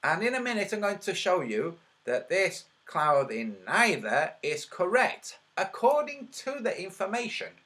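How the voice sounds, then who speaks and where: A man with a high, bright voice and a trembly edge gives a slow, argumentative commentary over his screen. He counts out loud, and his pitch jumps around a great deal. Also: very animated. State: slightly trembly voice. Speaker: online video creator.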